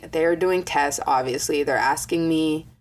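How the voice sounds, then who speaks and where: A young woman telling a story in a casual vlog, swearing a lot and acting out quotes with animated energy. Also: low-pitched, a little slow. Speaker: vlogger.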